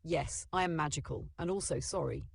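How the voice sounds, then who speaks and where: Narrator voices a jittery little capybara wizard, apologetic, gravelly and husky, for a kids' storybook. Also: mid-range voice, normal speed, no room sound, studio quality. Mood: shy. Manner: apologetic, nervous, wailing. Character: shy, eager male magic capybara wizard.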